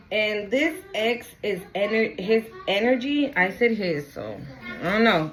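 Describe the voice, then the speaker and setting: A young woman speaks in a casual tarot-reading vlog, with a voice sitting at an ordinary middle pitch. She is candid and talkative, swears without fuss, and circles back over her points. A faint hiss runs underneath. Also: a bit bright, low-quality recording. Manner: candid, chatty, swears freely, keeps checking in with "okay?"; repeats herself for emphasis. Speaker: tarot reader.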